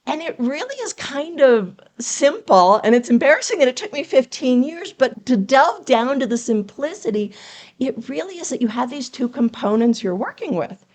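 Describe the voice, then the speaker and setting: Teacherly woman with a bright, higher voice. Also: sing-song, moderate pace. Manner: teacherly, earnest, explains step by step with rhetorical questions. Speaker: memoir writing coach, podcast guest. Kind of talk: explanatory interview talk.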